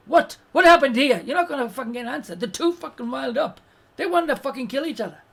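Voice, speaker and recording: A blunt, foul-mouthed streamer talks through relationship advice in a loose live-stream chat. The voice sits at a middling pitch and swings between low, quiet reassurance and loud, animated outbursts that act out each quoted voice, with faint music underneath. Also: slightly rough. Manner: blunt, swears constantly.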